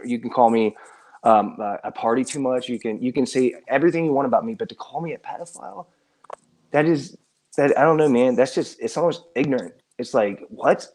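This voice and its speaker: A man's voice: medium pitch, brisk, darkish tone. A man talking casually on a live stream, earnest and exasperated, stumbling over restarts and repeated words as he defends himself.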